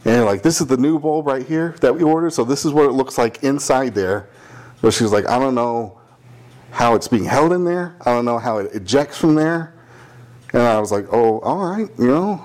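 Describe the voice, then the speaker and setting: A fairly quick, medium-pitched young man co-hosts a podcast and launches into a long story in laid-back chat. He's profane and energetic, imitating the voices of the people in his tale.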